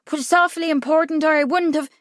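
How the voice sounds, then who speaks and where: A woman's voice: sits high, steady tone, fast talker, fairly bright tone, no echo, clean studio sound, pitched above the performer's own voice. A woman doing a frightened young Irish boy. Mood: anxious.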